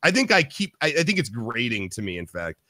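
A man co-hosting a TV podcast in casual chat, animated, swearing and acting out quotes. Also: medium pitch, brisk, no echo, clean studio sound. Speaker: podcast co-host.

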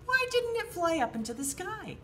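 A woman's voice: very high-pitched, sing-song, moderate pace, fairly bright tone, slight background noise. A woman teacher reading a storybook and leading a lesson for young children, speaking expressively in a sing-song way and calling herself by name in the third person. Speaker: preschool teacher.

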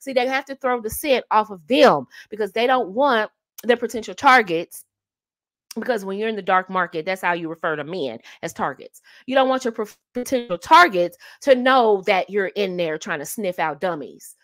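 A woman's voice: medium pitch, lively intonation, moderate pace, a bit bright. A woman hosting a casual advice talk on dating, emphatic and fond of repeating her key phrases with rhetorical asides. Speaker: host giving dating advice.

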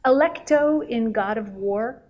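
A woman voice actress on a convention panel, telling animated stories and acting out quotes with a laugh. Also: fairly high pitch, unhurried, lo-fi sound. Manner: lively, acts out quotes and laughs often. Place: convention hall.

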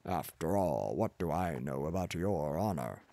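A man's voice: extremely low pitch, expressive, unhurried, gravelly, mellow, no echo, pitched below the performer's own voice, exaggerated voice. A man voicing a pompous, arrogant older professor who lectures in a condescending manner. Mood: lecturing.

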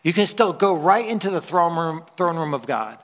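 A male pastor delivers a sermon in a chatty, storytelling way. His voice sits a bit high, and a long reverb trails each phrase in the church hall. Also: expressive, normal speed, a bit bright. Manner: conversational preaching with stories and laughs.

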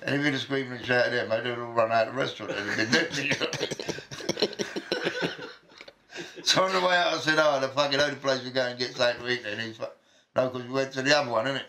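A man's voice: medium pitch, very fast, a little hiss or hum. A man telling a rowdy anecdote, swearing freely and acting out what everyone said. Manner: profane, animated, acts out quoted voices. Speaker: storyteller. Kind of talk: casual anecdote.

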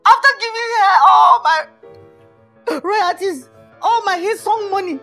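A man's voice: very high voice, a little slow, vocal fry, exaggerated voice. A man with a Nigerian accent playing a heartbroken young musician who is dramatic and whiny, in a Nollywood film. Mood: indignant. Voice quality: excitable, wailing, melodramatic. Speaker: actor. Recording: light background music.

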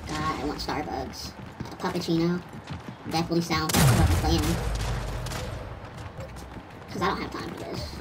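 A woman's voice: low-pitched, normal speed, pauses often, very noisy, natural voice. A woman voicing a grumpy, foul-mouthed pit bull puppy playing a shooter game, whining and complaining as she plays. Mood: grumbling. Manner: whiny, cursing, complaining. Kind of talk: gaming commentary in character. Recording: distant voice under loud gunfire.

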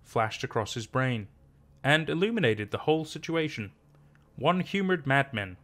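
A man narrating a classic short story in a measured storytelling manner. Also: medium pitch, big pitch swings, fairly bright tone. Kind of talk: scripted narration.

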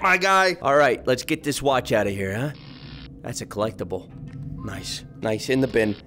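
A young man giving crude, joking commentary while playing a horror video game, often yelping and shouting. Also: mid-range voice, expressive, moderate pace, soft background music. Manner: loud, crude, yelps and shouts in jumpy bursts. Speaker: gaming YouTuber. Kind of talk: crude comedic let's-play commentary.

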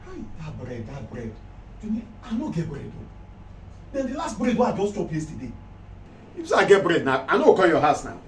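A man's voice: a little high, huge pitch swings, fairly quick. A man with a Nigerian accent playing a broke man who stammers as he pleads with a friend. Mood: pleading. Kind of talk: comedy skit acting. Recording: echoey room, far-off mic, background noise.

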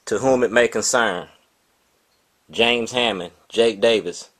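A man's voice: fairly low pitch, takes it slowly, fairly bright tone. A man, speaking insistently to camera as he shows documents and addresses officials with his grievances. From Baltimore, USA. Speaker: self-made video diarist.

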